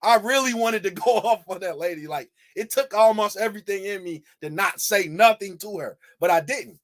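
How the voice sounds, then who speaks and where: A man with a high, light voice talks straight to his viewers in loose reaction commentary. He gets animated, fires the same rhetorical question again and again, and swears freely. He is from Michigan. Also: moderate pace. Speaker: video commentator.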